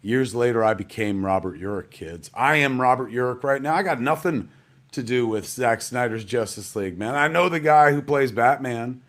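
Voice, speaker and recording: A man's voice: medium pitch, normal speed, fairly bright tone. A middle-aged man hosting a live stream from home in a rambling, jokey casual way, calling everyone "man" and "kids".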